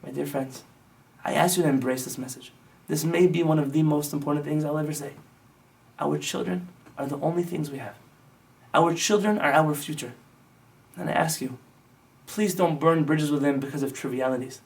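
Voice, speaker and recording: A man's voice: fairly high pitch, fairly even intonation, normal speed, vocal fry, distant mic. A male rabbi giving a sermon-like teaching, telling stories with impassioned, emphatic build-ups. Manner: impassioned storytelling that swells into emphatic lists.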